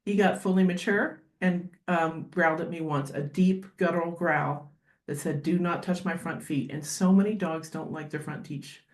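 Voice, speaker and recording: A woman guest on a podcast talking as a dog behaviorist, animated and quick to act out little scenes. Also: on the low side. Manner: animated, acts out dogs and owners in quick asides. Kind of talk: podcast interview conversation. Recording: roomy echo.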